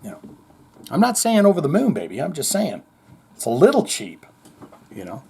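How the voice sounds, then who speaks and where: A man's voice: on the high side, huge pitch swings, a little fast, creaky, darkish tone, a little hiss or hum. A man hosting a heavy metal news show, casually chatting and reading viewer comments in a blunt, sarcastic way with some swearing.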